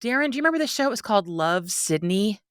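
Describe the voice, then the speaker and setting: A woman co-hosting a podcast in casual chat, enthusiastic and quick to laugh. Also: medium pitch, very animated, no room sound, clean studio sound. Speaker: podcast co-host.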